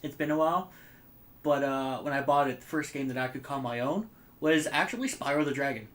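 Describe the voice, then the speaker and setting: A man in his twenties co-hosting a casual gaming podcast, with a bright, forceful voice. He tells long, rambling stories full of fillers and the odd curse word, all at an ordinary middle pitch. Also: fairly quick. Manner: rambling, animated storytelling with frequent fillers and swearing. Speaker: podcast co-host. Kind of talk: casual chat.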